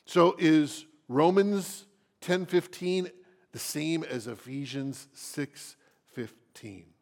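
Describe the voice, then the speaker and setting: Slow, gravelly-voiced male preacher. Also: a little high. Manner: slow and deliberate, asks the congregation questions. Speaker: pastor. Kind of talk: expository sermon.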